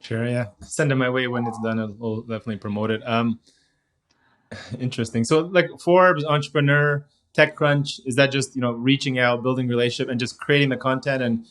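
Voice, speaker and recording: A man's voice: mid-range voice, a bit bright. A man hosting a casual interview, asking long loose questions and giving short replies. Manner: easygoing, short backchannels, rambling questions. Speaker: interview host.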